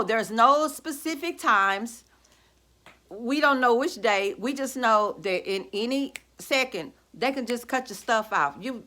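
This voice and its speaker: Bright, sassy woman vlogging. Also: medium pitch. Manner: sassy, gloating, talks straight to viewers. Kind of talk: casual ranting vlog. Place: at home, indoors.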